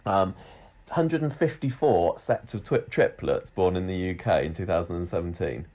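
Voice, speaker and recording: A man's voice: low-pitched, normal speed, darkish tone. A man co-hosting a podcast, chatting casually and reading out statistics with frequent restarts. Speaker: podcast co-host. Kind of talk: casual chat.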